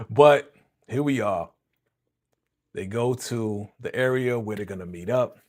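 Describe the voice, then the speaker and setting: A man's voice: on the low side, a little slow, long pauses. A man hosting a reaction video, chatting casually and slangily to viewers, chuckling and repeating himself as he breaks down an episode. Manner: frequent chuckles and repeated phrases. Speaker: reaction channel host.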